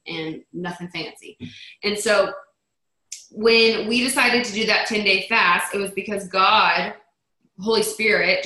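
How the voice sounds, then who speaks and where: A woman's voice: fairly low pitch, pushed and bright. Chatty woman in an echoey room. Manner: chatty, acts out quoted voices. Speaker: network marketing team leader. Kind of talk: motivational team call talk.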